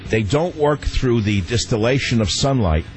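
A man hosting a radio talk show, ranting in an animated, exasperated way into a studio mic. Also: mid-range voice, moderate pace, soft background music.

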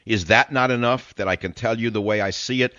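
A man's voice: lowish voice, a little fast, bright, forceful tone, no room sound, muffled recording. Emphatic older male radio host. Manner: emphatic, preachy, repeats phrases for effect. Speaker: radio talk show host. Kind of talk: radio call-in talk. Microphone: studio broadcast mic.

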